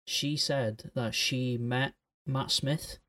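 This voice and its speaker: A man's voice: medium pitch, steady tone, extremely slow, fairly bright tone. Blunt, sweary young man. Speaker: podcast co-host. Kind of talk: casual chat.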